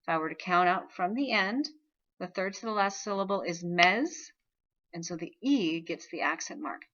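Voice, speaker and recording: A woman's voice: lowish voice, animated, normal speed, fairly bright tone, lo-fi sound. A woman teaching a recorded video lesson, explaining patiently and checking in with frequent "okay?". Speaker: Spanish teacher.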